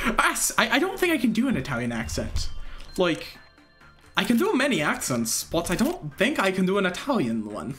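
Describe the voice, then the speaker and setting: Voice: mid-range voice, huge pitch swings, normal speed, fairly bright tone, faint music behind. A streamer doing casual gameplay commentary and talking with viewers, laughing often and trailing off mid-sentence.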